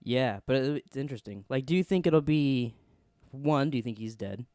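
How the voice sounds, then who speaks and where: A man's voice: mid-range voice, moderate pace, no room sound. Young guy cohosting a chat show, hyped and rambly, laughs a lot, dry mic. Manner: excitable, laughs often, rambling. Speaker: podcast co-host. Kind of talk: casual chat.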